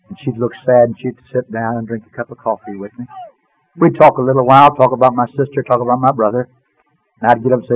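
A man giving an earnest spoken testimony, sinking low and soft at painful memories. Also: steady tone, quick pace, breathy edge. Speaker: testifying speaker. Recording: dull dry radio sound.

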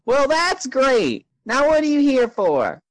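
A man's voice: extremely high pitch, wildly swooping pitch, slow, no room sound, pitched above the performer's own voice, full character voice. A man voicing a vague, offhand female museum receptionist. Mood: breezy. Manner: drawling, unsure, trailing off.

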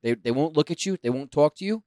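A man's voice: on the high side, animated, fast, warm tone, no echo. A man co-hosting a casual podcast, telling stories and joking about words. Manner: jokey storyteller, playful word games. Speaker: podcast co-host. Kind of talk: casual chat.

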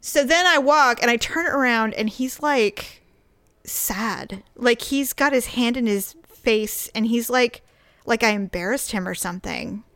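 A woman with a somewhat high voice tells a story in relaxed conversation. She is animated and acts out the people she quotes. The sound is close and dry, with almost no room echo. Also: unhurried. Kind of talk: casual storytelling chat.

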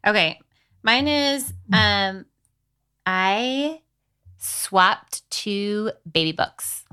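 A woman's voice: medium pitch, animated, very slow, sharp tone, clean tone. A woman co-hosting a podcast in casual chat, upbeat and teasing, egging her partner on. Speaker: podcast co-host.

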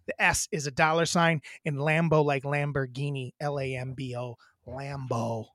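A man's voice: mid-range voice, little pitch movement, normal speed, a bit bright, dry recording, clean studio sound. A man co-hosting a podcast in a casual, rambling chat, joking and swearing. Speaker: podcast co-host.

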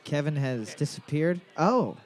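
A man's voice: a little high, very animated, unhurried. A man hosting a trivia night, reading each question twice and joking between rounds. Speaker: trivia quiz host.

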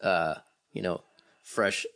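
A man in casual chat, rambling with wry, low asides. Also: steady tone, takes it slowly, vocal fry, fairly bright tone.

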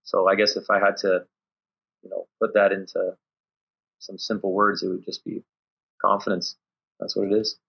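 Husky-voiced coach telling lively stories. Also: male voice, low-pitched, normal speed, long pauses. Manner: animated storyteller acting out his players and himself. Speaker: volleyball coach. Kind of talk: casual podcast interview. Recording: dull lo-fi audio.

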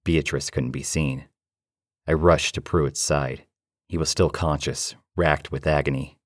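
A man narrating a first-person horror story in a low, steady, measured way. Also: no room sound, clean studio sound.

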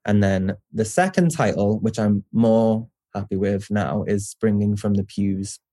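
A man's voice: fairly low pitch, a little slow, dry recording, clean studio sound. Rambling Scouse man. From Liverpool, England. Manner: rambling, self-interrupting, swears casually, lively. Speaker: poet, guest. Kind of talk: casual interview chat.

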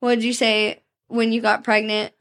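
A woman's voice: a little high, little pitch movement, moderate pace, fairly bright tone. A young woman co-hosting a podcast in casual chat, crude and joking, laughing often. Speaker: podcast co-host.

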